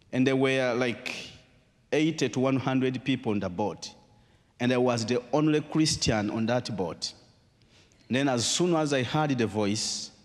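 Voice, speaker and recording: Male guest speaker, storytelling testimony, dramatic pauses, echoing large hall. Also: medium pitch. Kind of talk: personal testimony talk.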